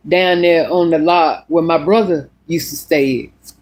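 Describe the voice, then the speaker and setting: A woman's voice: sits low, unhurried, faint music behind. A woman telling a story in a casual vlog monologue, blunt and full of cussing. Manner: blunt, profane, animated. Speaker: vlogger.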